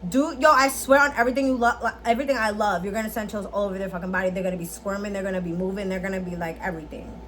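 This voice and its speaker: A woman in her twenties giving a casual, slangy tutorial as a vlogger, animated and quick to laugh. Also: mid-range voice, a little hiss or hum. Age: 20s.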